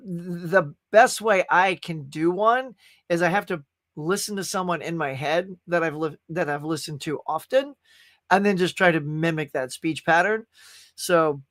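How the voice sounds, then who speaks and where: High-pitched guy rambling thru his live stream chat, lots of restarts, dry close mic. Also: no room sound. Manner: rambling, animated, full of restarts. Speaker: livestream host. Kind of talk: casual live chat reading comments.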